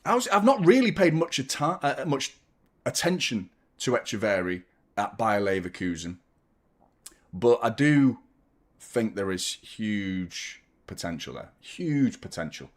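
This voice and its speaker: A young man hosting a football watchalong stream, chatting casually, rambling and joking while reading out viewer shout-outs. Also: fairly low pitch, big pitch swings, unhurried. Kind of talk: casual live-stream chat.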